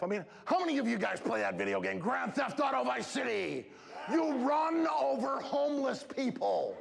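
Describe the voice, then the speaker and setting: In an echoey school hall full of students, a male motivational speaker delivers an emphatic, animated talk, calling out to the crowd. His voice is high-pitched and gravelly, with slight background noise.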